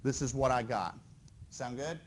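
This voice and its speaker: A man's voice: medium pitch, moderate pace, a little hiss or hum. A man giving a university engineering lecture to a class, talking them through each step and checking in with them often. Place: lecture hall.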